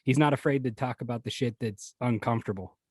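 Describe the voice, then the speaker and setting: A man's voice: medium pitch, fast talker, a little mellow, husky, no room sound. A man chatting as a guest on a podcast, rambling and swearing casually, laughing often.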